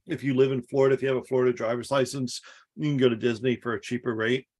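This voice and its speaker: A man's voice: mid-range voice, level tone, fast talker, a little mellow. A man co-hosting a podcast, chatting casually and sarcastically about politics and swearing freely. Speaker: podcast co-host.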